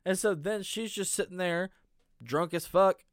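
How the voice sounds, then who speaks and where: A man's voice: high-pitched, a little slow, no echo, clean studio sound. A young man casually riffing on a bad movie, swearing a lot, laughing often and acting out the characters in mocking voices. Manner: profane, laughing, acts out scenes in mocking voices. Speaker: podcast co-host.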